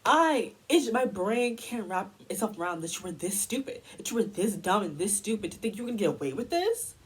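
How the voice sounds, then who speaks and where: A woman's voice: medium pitch, very animated, brisk, breathy edge, poor audio. A young woman from the United States delivering a heated, exasperated commentary rant as a vlogger.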